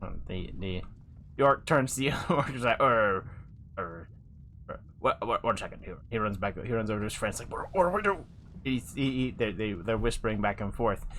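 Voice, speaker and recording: A man narrating as game master of a tabletop game, animated and quick to slip into character voices. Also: fairly low pitch, slight background noise. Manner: animated, lots of fillers and restarts, puts on quick character voices.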